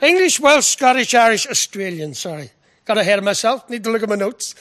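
High, bright-voiced preacher giving a sermon. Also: male voice, very animated, brisk. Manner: earnest, repeats words, asks the listeners questions.

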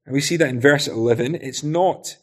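A man's voice: medium pitch, a little fast. A man preaching an expository sermon in a conversational way, often adding rhetorical tag questions.

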